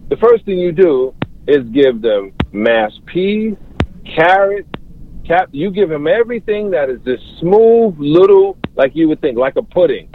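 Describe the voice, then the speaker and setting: A man's voice: fairly high pitch, lively intonation, a little slow, a little hiss or hum. Man, interview guest, emphatic, jokey, tinny phone-line sound.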